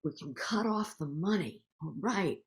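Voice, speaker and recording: An older woman, a guest activist in a recorded public conversation, telling stories in an animated, emphatic way. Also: on the low side, a little slow.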